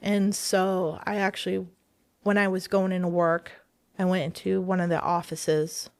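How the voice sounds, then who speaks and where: A woman's voice: fairly low pitch, little pitch movement, moderate pace, no echo. A woman telling her personal story of faith as a guest in an interview, earnest and hesitant, often restarting her sentences. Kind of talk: personal testimony in a podcast interview.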